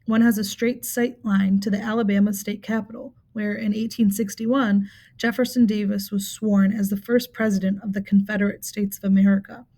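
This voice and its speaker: A woman reading a nonfiction book aloud in a steady, measured storytelling manner, with occasional small slips. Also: medium pitch. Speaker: reader.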